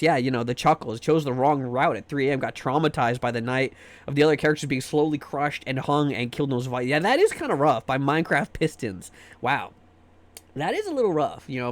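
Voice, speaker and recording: A man's voice: medium pitch, expressive, brisk. A man streaming live, chatting casually and joking with his viewers, often trailing off into repeated fillers.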